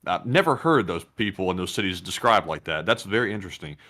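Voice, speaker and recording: Easygoing co-host with a softened Southern accent. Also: male voice, low-pitched, lively intonation, quick pace. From Lower Alabama, US. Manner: easygoing, chatty, reads donor messages. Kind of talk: casual live-stream banter.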